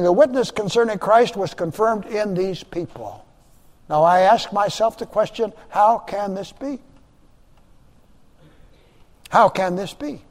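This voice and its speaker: A pastor with a voice high for a man preaches an emphatic sermon, repeating key phrases and swinging from hushed to loud. The long reverb of a large sanctuary rings around him.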